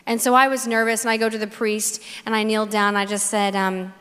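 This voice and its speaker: A woman's voice: medium pitch, little pitch movement, a little fast, bright, forceful tone, clear, resonant tone. A woman giving a personal faith testimony at a conference, telling her story earnestly, with repeated phrases and quoted dialogue acted out. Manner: acts out dialogue in quoted voices. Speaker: conference speaker. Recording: long hall reverb.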